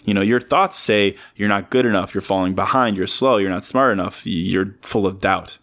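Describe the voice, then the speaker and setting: A man speaks alone on his podcast in a fairly low voice, gently motivational and earnest. He circles back over his points, repeating words for emphasis. Now and then he breaks the sincerity with a quick self-aware joke. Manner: earnest, repetitive, joking asides. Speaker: podcast host. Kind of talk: casual motivational monologue.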